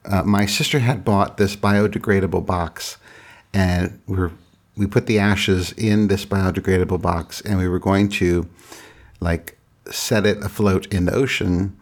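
A middle-aged man casually recounting a personal story in a halting, reflective way, often restarting his sentences. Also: low voice, steady tone.

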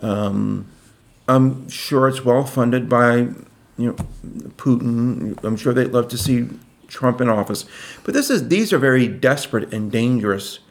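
A man's voice: mid-range voice, lively intonation, unhurried, gravelly. A man in his sixties co-hosting a podcast, talking politics casually and stretching out key words for emphasis. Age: 60s. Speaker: podcast co-host.

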